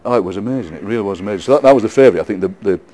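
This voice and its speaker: A middle-aged man with a Yorkshire accent, a poet being interviewed, telling lively football anecdotes with frequent laughs and repeated words. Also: fairly low pitch, very fast. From England. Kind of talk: casual storytelling interview.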